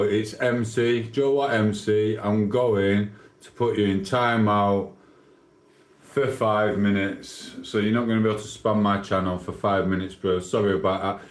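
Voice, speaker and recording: A man with a fairly low voice hosts a casual live stream, reading viewers' comments aloud. His delivery is blunt and offhand. The sound is roomy and echoey. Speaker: livestreamer.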